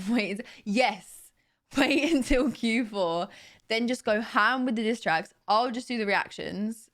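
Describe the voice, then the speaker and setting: A woman's voice: a little high, slow pace. A young British woman livestreaming, chatting casually and playfully with viewers, laughing often. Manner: giggly, chatty, playful, animated with hand gestures.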